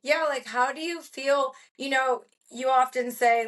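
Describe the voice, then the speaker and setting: A woman's voice: high voice, a little slow, fairly bright tone. A woman hosting a podcast, asking frank questions in casual chat, with plenty of "like". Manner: frank, blunt, uses fillers like "like". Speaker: podcast host.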